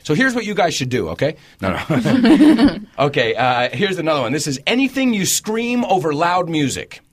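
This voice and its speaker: A man hosting a radio talk show in a studio, jokey and animated, acting out everyday phrases as he explains them. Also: on the high side, a little fast, husky.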